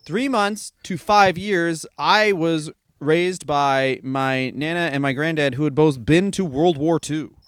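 A man's voice: fairly high pitch, slow pace, few pauses, fairly bright tone, no room sound, studio quality. A young adult man co-hosting a comedy podcast, grumbling and riffing with lots of swearing. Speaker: podcast co-host. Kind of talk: casual comedic chat.

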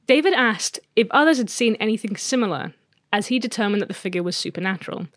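A woman's voice: medium pitch, animated, fairly bright tone, dry recording, studio quality. A woman co-hosting a casual podcast, playfully teasing as she tells a spooky story. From England. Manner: playful, teasing, dramatic pauses. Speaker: podcast co-host.

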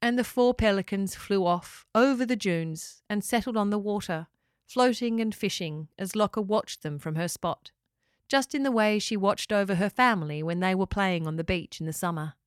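A woman narrating a children's story and hosting her podcast in a calm, gentle way. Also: medium pitch, moderate pace, smooth, no echo, clean studio sound.

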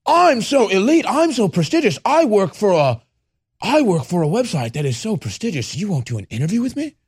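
A man's voice: sits high, very animated, fairly quick, breathy edge, heavily acted. A man voicing a smug, self-important male reporter in a sneering, exaggerated way. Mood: mocking.

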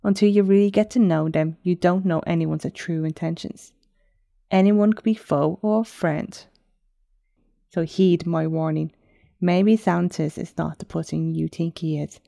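A woman voicing a calm, smug enchantress who can turn into a wolf, speaking in cryptic warnings. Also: on the low side, unhurried, vocal fry, no room sound, studio quality. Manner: calm, cryptic, mildly mocking.

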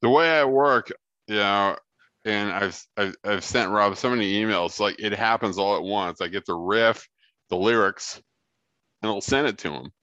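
Low rambling man, dull lo-fi sound. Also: moderate pace, bright, forceful tone, no room sound. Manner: rambling, profane, joking. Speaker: guitarist and songwriter, guest. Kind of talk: casual interview chat.

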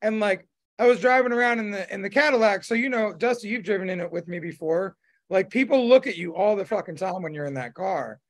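A man's voice: high voice, animated, a little fast. A man hosting a podcast, chatting casually in a rambling way with lots of fillers and restarts. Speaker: podcast host. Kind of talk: casual chat.

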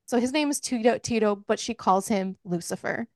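A woman's voice: on the high side, a little fast, hardly any pauses, no echo. Woman recapping a book, dry sound. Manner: profane, lively retelling with quoted dialogue. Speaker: book club podcast host.

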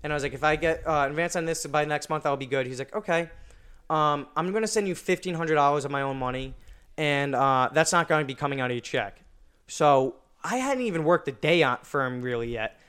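A man's voice: fairly high pitch, expressive, a little fast, fairly bright tone, smooth. Young man rambling through a story. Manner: rambling, many "like" fillers and restarts. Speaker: podcast guest. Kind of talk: casual storytelling chat.

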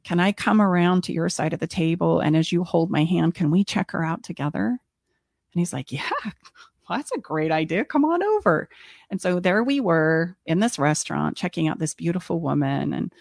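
A woman's voice: on the low side, normal speed, gravelly, no echo, clean studio sound. A middle-aged woman co-hosting a podcast, candidly telling a personal story and acting out her own thoughts. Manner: candid, expressive, acts out her own inner voice. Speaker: podcast co-host.

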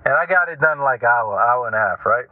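A man's voice: mid-range voice, quick pace, no room sound. Chatty man on a tinny line. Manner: animated, chatty, keeps asking "right?". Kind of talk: casual storytelling monologue. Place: lives in Norfolk, Virginia. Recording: tinny phone-like line, dry.

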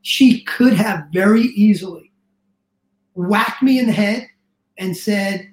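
Middle-aged male guest, earnest and emotional, roomy echo. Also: sits high. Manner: earnest, emotional storytelling, rushed restarts. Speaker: guest, business coach. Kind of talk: casual interview chat.

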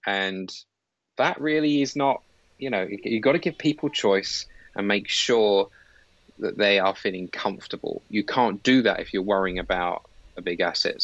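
A man's voice: fairly low pitch, fairly bright tone, no echo, highs cut off. A middle-aged man, a leadership coach, explaining his approach in an earnest conversational way with frequent fillers. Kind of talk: conversational interview.

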